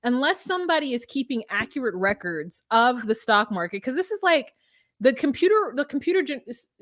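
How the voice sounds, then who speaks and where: Tell it like a woman with a slightly high voice who swears as she tells a story from her notes, close and dry on the mic. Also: fairly quick, dry recording. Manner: animated, profane, self-correcting. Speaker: podcast host reading from notes. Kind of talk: casual storytelling chat.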